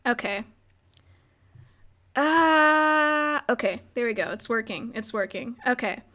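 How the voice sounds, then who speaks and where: A woman's voice: a little high, a little fast, fairly bright tone. Giggly young woman streamer. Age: young adult. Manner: rambling, giggly, lots of filler "like". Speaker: streamer recapping a roleplay server. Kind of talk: casual livestream chat.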